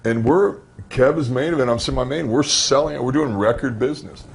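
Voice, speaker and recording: A man, a former pro wrestler, telling backstage stories in a candid interview, animated and conversational, acting out the exchanges he recounts. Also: mid-range voice, a little fast, gravelly, a little hiss or hum. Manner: animated, acts out dialogue in anecdotes; frequent fillers and restarts, conversational. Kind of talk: storytelling shoot interview.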